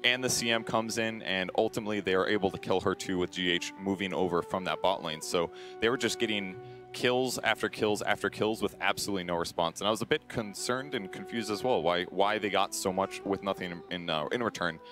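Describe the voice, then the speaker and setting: Man, game analyst, fast talker, lowish voice, methodical breakdown. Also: over music. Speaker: esports analyst.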